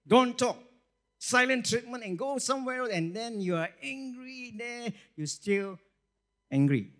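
A middle-aged man, preaching a sermon in an emphatic way, repeating phrases and swinging between loud and soft. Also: sits high. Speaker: pastor.

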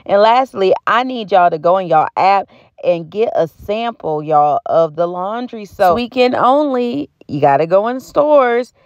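Talking straight to her viewers, a US beauty and home-goods vlogger casually covers deals and her life in slangy language. Her voice is low and darkish, recorded dry and slightly muffled with no room sound.

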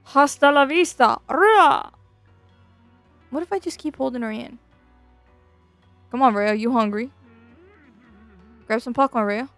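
A woman VTuber streamer giving playful, excitable and mischievous commentary while reading a game's dialogue aloud. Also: a little high, normal speed, long pauses, no room sound, soft background music.

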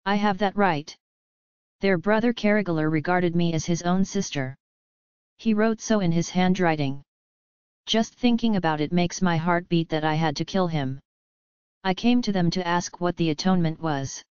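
A woman reads as a distressed young noblewoman who pleads her case earnestly. The voice is very smooth and clear, pitched a little low. The sound is muffled and dry. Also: normal speed, a little mellow, no echo, lightly acted. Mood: pleading. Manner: earnest, pleading formal speech.

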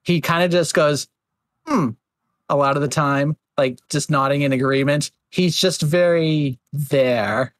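Chatty man with a higher voice. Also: measured pace, hardly any pauses, no room sound. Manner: chatty, filler-heavy, slips into mocking voices. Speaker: podcast host. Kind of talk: casual chat.

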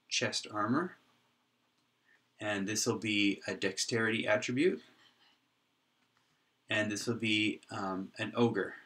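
A man giving a whiteboard tutorial on how his software works, thinking aloud with frequent restarts and pauses. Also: lowish voice. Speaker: software developer explaining his code. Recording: voice from a distance off the mic.

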